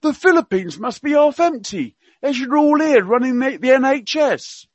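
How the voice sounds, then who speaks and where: A man voicing a blunt, tactless elderly royal gentleman, trying for a Cockney accent and firing off cheeky, rude one-liners. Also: extremely high pitch, animated, normal speed, no room sound, pitched above the performer's own voice. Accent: attempted Cockney. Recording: dull, dry lo-fi sound.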